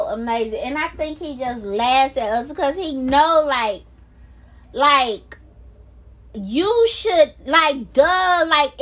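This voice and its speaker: A woman records herself on her phone, speaking in a very high voice and pouring out excited praise. She stretches words out and drifts into half-sung exclamations, taking it slow and unhurried. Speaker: vlogger. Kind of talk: excited casual vlog talk about faith.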